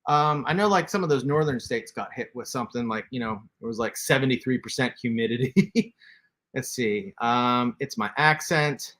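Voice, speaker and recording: A man's voice: medium pitch, moderate pace, a bit bright. A man, casually hosting a toy livestream, laughing often and reading chat aloud. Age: 40s. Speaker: toy collector livestream host.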